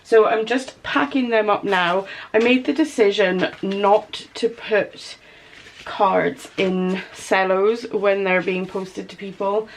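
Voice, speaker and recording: A woman in her thirties chatting through a casual vlog as a small business owner, gushing and excitable with chatty asides. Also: mid-range voice, slow, slight background noise. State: out of breath in places. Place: home studio office.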